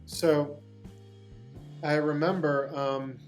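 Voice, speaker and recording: A man's voice: fairly high pitch, steady tone, very slow, soft background music. A man from Pittsburgh, a guest actor, tells a long anecdote in an interview, rambling with restarts and bursts of laughter. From Pittsburgh, USA.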